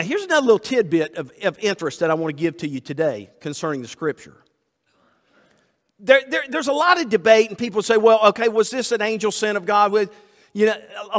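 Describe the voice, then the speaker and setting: A man's voice: high voice, a bit bright, big-room sound. A man preaching a sermon in a folksy storytelling manner, often repeating words as he goes.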